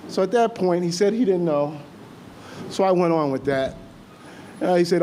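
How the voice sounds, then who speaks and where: A man with a somewhat high voice gives an emotional statement to a gathering. He speaks haltingly and earnestly, often repeating himself. Faint noise sits under the recording. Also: lively intonation, warm tone. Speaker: grieving father speaking at a public meeting.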